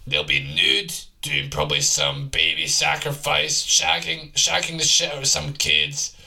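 A raspy, gravel-throated time-traveling freak, voiced by a man in an improvised comedy bit rants crudely about the future. His delivery is slow and drawn out, with a bright, sharp bite. He lurches cheerfully from one absurd idea to the next. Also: on the high side, fairly even intonation, full character voice. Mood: manic ranting. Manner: rambling, crude, gleefully absurd rant.

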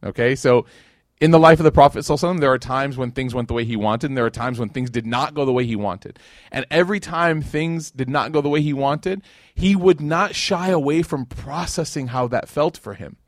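Speaking a little fast in a mid-range voice, this thirtysomething Islamic lecturer from Chicago chats his way through a religious talk before a live audience. He leans on "like" and "you know" and keeps asking the crowd questions. It's a clean, dry studio recording.

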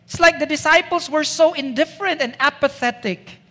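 A woman's voice: sits high, a little fast, fairly bright tone. A woman preaching a sermon in a church, emphatic and asking the congregation rhetorical questions. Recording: echoey church hall.

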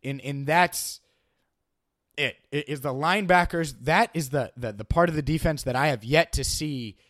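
A man's voice: fairly high pitch, normal speed, fairly bright tone. A man hosting a sports podcast, analyzing his team and arguing with imagined critics, often repeating himself as he starts a thought. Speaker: podcast host.

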